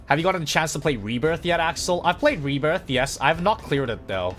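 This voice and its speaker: Excitable, profane streamer man, slightly high. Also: brisk, few pauses, soft background music. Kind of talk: casual gaming livestream chat.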